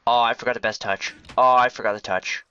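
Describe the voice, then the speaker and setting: A man with a fairly low yet bright, forceful voice rambles through casual gameplay commentary, joking to himself as he goes. The dry, close recording sounds a little dull and lo-fi. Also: fairly even intonation, a little fast, smooth, no room sound. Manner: rambling, jokey, talks to himself and to game creatures. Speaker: gaming video host.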